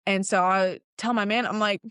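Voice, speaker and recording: A young woman in mid-story, chatty and animated, with laughs that keep breaking in. She acts out what each person said as she tells it. Her voice sits at an ordinary middle pitch and sounds close and dry, with no room around it. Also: normal speed, smooth, no room sound. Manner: animated, laughs often, acts out quoted lines. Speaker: guest telling her car story. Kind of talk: casual storytelling chat.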